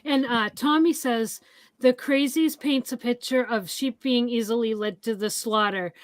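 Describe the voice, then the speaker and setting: A woman co-hosting a horror film podcast, recounting scenes haltingly with many ums and restarts. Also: on the high side, fairly even intonation, no room sound. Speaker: podcast co-host. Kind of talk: casual movie recap chat.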